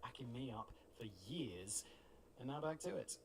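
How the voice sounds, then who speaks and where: A man's voice: mid-range voice, expressive, normal speed, shouting, heavy background noise. A man in his thirties hosting, reading a script and breaking off into chatty, wry asides with the odd swear. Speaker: host.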